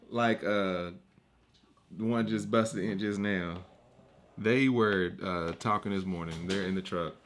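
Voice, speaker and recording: Animated man telling family stories. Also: slow, long pauses. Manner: animated storyteller, acts out quotes in high voices. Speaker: podcast co-host. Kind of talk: casual chat.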